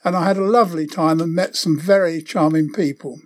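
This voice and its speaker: A man's voice: a little high, fairly even intonation, a little fast. An older man, hosting a podcast and reading a wry, opinionated monologue. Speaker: podcast host.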